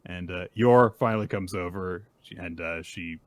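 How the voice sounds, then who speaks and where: A man co-hosting a casual manga recap, retelling chapters in an animated way. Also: deep voice, dry recording. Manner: animated retelling with quick voiced asides. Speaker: podcast co-host.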